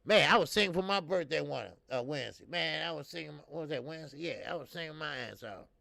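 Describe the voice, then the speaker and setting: A man's voice: fairly high pitch, expressive, quick pace, vocal fry, no room sound. A middle-aged man hosting a boxing live stream, chatting loosely and greeting viewers by name. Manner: loose and chatty, shouts out viewers, many fillers. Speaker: boxing livestream host. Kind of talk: casual live-stream chat.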